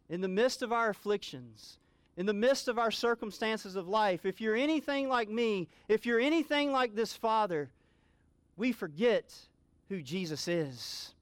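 High-voiced, smooth-toned male preacher. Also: big pitch swings, a little slow, a bit bright, dry recording. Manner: earnest preaching, rising to emphatic exclamations. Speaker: pastor. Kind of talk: sermon.

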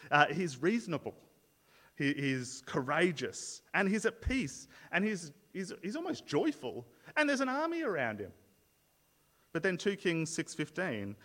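A man's voice: on the high side, fairly bright tone, in a large hall. A man preaching a sermon as pastor, explaining earnestly and often repeating words as he restarts a thought.

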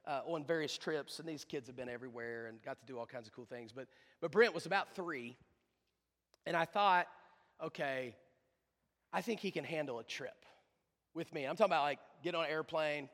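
A pastor delivers a sermon in a bright, cutting voice that sits a bit high for a man. His delivery is fervent and emphatic, pressing into loud, driving runs. The sound carries a long reverb from a large church hall.

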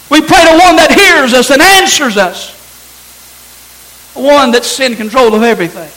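High-voiced man preaching a sermon. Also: animated, moderate pace, long pauses, sharp tone, poor audio. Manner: preaching with rising emphasis, repeating "listen". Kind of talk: sermon with scripture reading.

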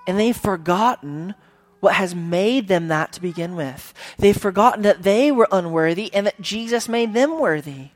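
A man's voice: high voice, lively intonation, moderate pace. Male pastor, conversational sermon delivery, emphatic. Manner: conversational, emphatic, acts out quotes.

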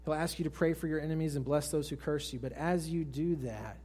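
A male pastor preaching to a congregation, swinging from raised emphatic lines to hushed soft ones and putting questions to his listeners. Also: a little high, fairly even intonation, fairly quick, breathy edge. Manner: asks the congregation direct questions. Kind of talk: sermon. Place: church service with congregation.

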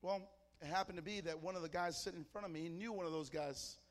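This pastor, a man from Mexico, talks fast in a voice on the high side, and a long reverb tail trails his words. His sermon at the church service is fervent, told as stories in short, punchy phrases to the congregation.

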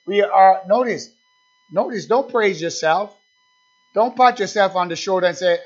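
A man preaching a sermon, swinging between quiet asides and fervent rising calls. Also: high-pitched, measured pace, dull audio.

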